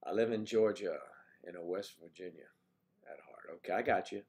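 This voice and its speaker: A man's voice: deep voice, normal speed, a little mellow. A man hosting a casual morning livestream, reading out viewers' names and comments and answering them with easygoing jokes. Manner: easygoing, joking asides. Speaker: livestream host.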